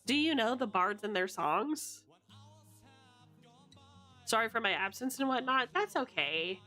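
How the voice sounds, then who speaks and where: A woman's voice: fairly high pitch, expressive, measured pace, bright, forceful tone, faint music behind. A woman streamer chatting playfully to her chat, her voice strained. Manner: playful, chatty, addresses chat, slips into song snippets.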